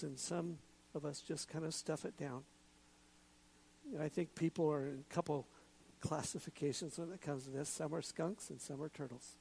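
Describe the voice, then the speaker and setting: A man giving a sermon in a relaxed, conversational way, with jokes and asides. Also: a little high, creaky, a little hiss or hum, low-quality recording. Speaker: pastor.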